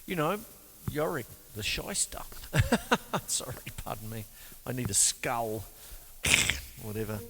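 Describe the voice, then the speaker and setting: Joking drum teacher, lively voice. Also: male voice, medium pitch, measured pace, long pauses, a little hiss or hum. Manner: joking, chatty, counts rhythms aloud. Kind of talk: jokey drum lesson with spoken counting. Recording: reverberant room with drum music.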